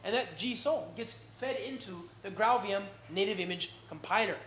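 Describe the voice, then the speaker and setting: American guy giving a tech talk, kinda high voice, jokey and fast-moving, echoey room w faint hum. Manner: energetic, joking, keeps checking in with the audience. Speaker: conference speaker. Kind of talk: live tech conference talk. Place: indoor meetup venue.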